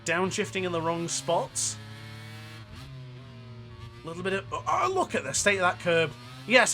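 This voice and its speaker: Bright-voiced northern English gaming commentator. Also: male voice, high voice. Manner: chatty, excitable, laughs often. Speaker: racing game commentator. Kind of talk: gameplay commentary.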